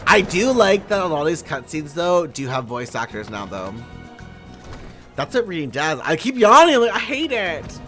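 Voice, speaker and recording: A woman's voice: lowish voice, sing-song, moderate pace, fairly bright tone, faint music behind. A young woman streaming a game, chatting in a playful, bubbly way, giggling and swearing freely. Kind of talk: casual live-stream chat while gaming.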